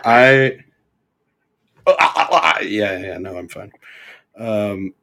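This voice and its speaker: A young man with a Canadian accent talks in a loose, rambling way, filling gaps with ums and circling back to restart his sentences. His voice sits a little on the low side. The feel is a relaxed podcast conversation. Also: creaky. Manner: rambling, halting, with many fillers and self-corrections. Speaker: podcast guest. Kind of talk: casual chat.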